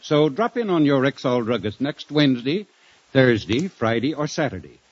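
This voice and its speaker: A man reading a 1940s radio commercial in a smooth, persuasive sales delivery. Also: medium pitch, sing-song, moderate pace, no echo. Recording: dry, muffled old radio recording.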